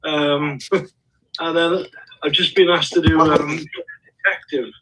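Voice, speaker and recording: Halting actor on a call. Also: male voice, a little high, fairly even intonation, sharp tone, poor audio. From England. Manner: halting, lots of restarts and laughs. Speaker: actor guest. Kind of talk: casual video call chat.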